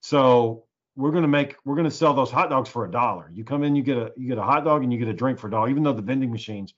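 A husky man in casual storytelling mode, mid-pitched and loose. He swears freely and slips into the voices of everyone in his tale. The recording is muffled and lo-fi. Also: quick pace. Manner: profane, animated, acts out quoted voices. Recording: dull lo-fi recording.

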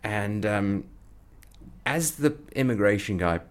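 A man with a very low, deep voice tells a story to an interviewer. He gets animated, his voice rising as he acts out the people in it. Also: slow pace. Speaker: comedy performer and guest. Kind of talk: anecdotal storytelling.

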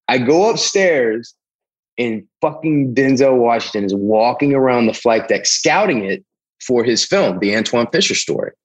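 A middle-aged man from the American South with a Southern accent, telling a long personal story as an interview guest in a rambling, animated way. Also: medium pitch, moderate pace, rough recording. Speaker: guest, Navy veteran. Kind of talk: casual storytelling.

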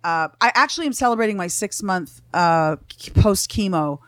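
A woman's voice: medium pitch, normal speed, no echo. Blunt, profane woman telling stories. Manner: blunt, profane, animated storytelling. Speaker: guest. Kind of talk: casual podcast chat.

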